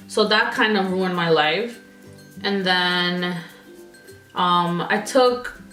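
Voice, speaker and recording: A woman's voice: mid-range voice, a bit bright. Chatty young woman venting, echoey room. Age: young adult. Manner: rambling, exasperated, lots of "like" fillers. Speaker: vlogger. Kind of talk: casual chat while doing makeup. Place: indoor room at home. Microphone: camera mic.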